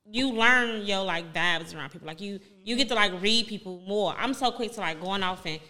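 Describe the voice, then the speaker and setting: A woman's voice: mid-range voice, moderate pace, pushed and bright. A young woman hosting a podcast, chatting in a candid, rambling way with many fillers. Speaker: podcast host. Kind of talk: casual podcast chat.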